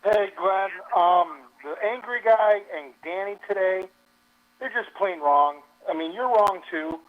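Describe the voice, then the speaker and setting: A man's voice: high-pitched, unhurried. A man calling in to a radio show, insistent and self-assured, over a dull phone line. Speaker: caller. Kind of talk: call-in talk radio.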